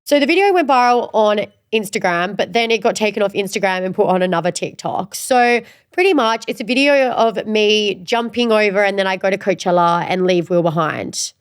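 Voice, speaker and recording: A woman's voice: mid-range voice, lively intonation, brisk, few pauses, clear, resonant tone. A young woman from Tasmania co-hosting a casual podcast, chatty and laughing often with casual swearing. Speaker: podcast co-host. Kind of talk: casual chat.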